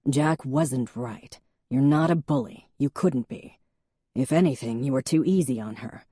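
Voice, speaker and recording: Wry male police chief, steady and deadpan, low voice from a woman narrator, dry recording. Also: a little slow, husky, no echo, heavily acted. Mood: dry, firm. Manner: deadpan, patient stare in the voice.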